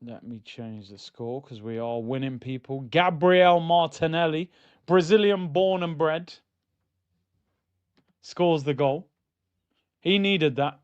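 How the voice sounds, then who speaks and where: Excitable man hosting a match stream. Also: on the high side, takes it slowly, pauses often, smooth, no echo, highs cut off. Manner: excitable, banter-heavy, shouts at goals. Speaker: football watchalong host. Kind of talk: live match watchalong commentary.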